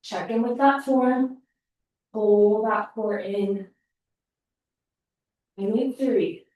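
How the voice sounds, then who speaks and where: Breathless, a female pilates teacher cues the workout by counting down reps and offering encouragement. Her voice is a little high and a little mellow, very slow, and a distant laptop mic picks it up in an echoing room.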